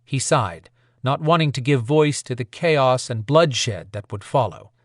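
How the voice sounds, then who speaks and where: A man giving steady, measured scripted audiobook narration at a close mic. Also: medium pitch, no room sound.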